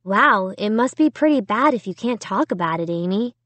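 A woman's voice: medium pitch, expressive, moderate pace, a bit bright, no room sound, lightly acted. A woman voicing a curious, insistent young girl who is a best friend in a storybook reading. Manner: insistent, questioning.

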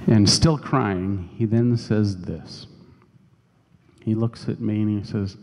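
A man's voice: on the low side, takes it slowly, a little mellow. A man preaching a sermon as pastor, telling a personal story in a conversational way. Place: church sanctuary. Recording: long church reverb.

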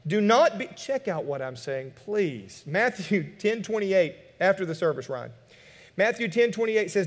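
High-voiced animated male pastor. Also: a little slow, in a large hall. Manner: animated, rhetorical questions, shifts between loud emphasis and quiet asides. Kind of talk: sermon. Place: church sanctuary.

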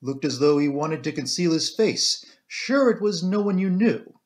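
A man voicing a grim police inspector who presses with brisk questions in an amateur audiobook reading. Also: a little high, animated, close to an everyday voice.

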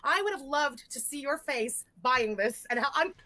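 A woman's voice: high voice, expressive, moderate pace, pushed and bright. A woman chatting on a live stream, gushing and giggly, with casual swearing.

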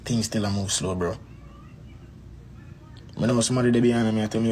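A man's voice: mid-range voice, brisk, long pauses, darkish tone, slight background noise. A man with a Jamaican accent telling a personal story in a rambling, casual way, repeating phrases and calling the listener "bro". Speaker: dancehall artist.

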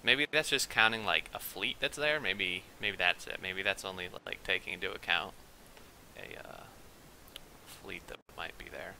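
A young man giving rambling, excitable gameplay commentary at his computer, quick to get worked up. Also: low-pitched, vocal fry, noisy background. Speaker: let's play gamer.

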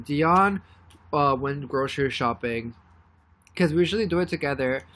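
A young woman chatting casually on a live stream, rambling and excitedly thanking viewers by name. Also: low voice. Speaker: livestreamer.

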